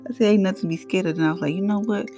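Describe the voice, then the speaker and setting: A middle-aged woman hosting her own podcast, giving an emphatic, faith-based motivational talk with animated, preachy delivery. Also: medium pitch, racing, soft background music. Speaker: podcast host.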